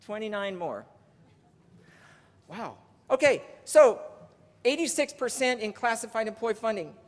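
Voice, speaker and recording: At an unhurried, animated pace and medium pitch, a union legislative presenter chats through a conference speech, listing donor names and running a countdown. Everything rings with the lingering echo of a big hall.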